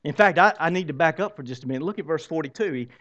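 A man preaching a sermon as pastor, swinging from loud exclamations to hushed, drawn-out lines. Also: fairly high pitch, lively intonation, lo-fi sound.

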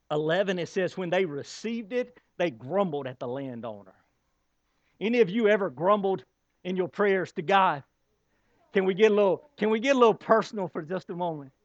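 Male pastor, high voice, sermon delivery with dramatic pauses, dry muffled recording. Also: no echo. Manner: preaching with dramatic pauses and rhetorical questions.

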